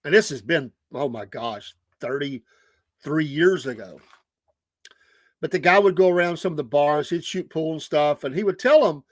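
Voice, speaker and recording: A man's voice: on the high side, moderate pace, no room sound. A middle-aged man, hosting a casual livestream and telling stories with frequent laughter. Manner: chatty, laughs often. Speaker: host.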